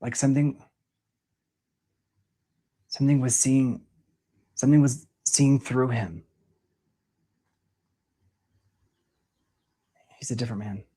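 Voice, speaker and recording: A man reading the part of a young woman from an underground world in an audition scene, speaking in a hushed, grave storytelling manner. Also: medium pitch, normal speed, slightly rough, lightly acted.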